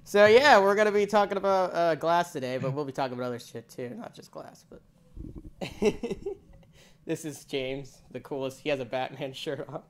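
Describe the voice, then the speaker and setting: A man's voice: fairly high pitch, normal speed. A young man hosting a casual movie review chat, laughing often and joking loosely. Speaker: host.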